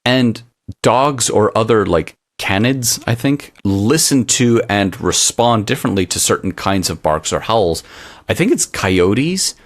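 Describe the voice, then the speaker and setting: Low-voiced sarcastic man, animated podcast chat. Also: unhurried. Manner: animated, sarcastic, acts out dog thoughts in voices. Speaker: podcast co-host. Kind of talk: casual chat.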